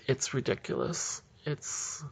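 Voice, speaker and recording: A man giving heated, indignant solo political commentary in a ranting manner. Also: slow pace.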